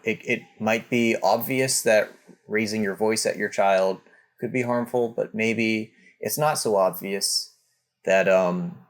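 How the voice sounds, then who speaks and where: A man speaking as a guest in an interview, explaining his ideas patiently with many restarts and acted-out examples. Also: on the low side. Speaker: parenting guest. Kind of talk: conversational interview.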